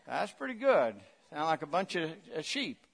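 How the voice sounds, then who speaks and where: A middle-aged man preaches from the pulpit, rising to loud, emphatic declarations and then dropping into quiet, low asides. He keeps coaxing the congregation to respond. His voice sits a little high for a man and trails off into the long reverb of a church sanctuary. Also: big pitch swings, normal speed, vocal fry, husky. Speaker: pastor. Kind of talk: sermon.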